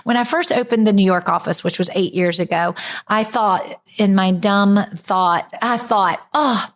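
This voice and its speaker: A woman's voice: mid-range voice, normal speed. A middle-aged woman with a Southern US accent, chatting animatedly as an interview guest about her wedding design work. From American South. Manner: chatty, animated, laughs easily. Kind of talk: casual interview chat.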